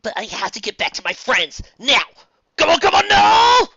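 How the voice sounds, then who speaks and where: A woman's voice: medium pitch, very animated, moderate pace, husky, no room sound, dull audio, voice pushed up, exaggerated voice. A woman doing a brash young stallion pirate pony. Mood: desperate. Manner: loud, blunt and impatient.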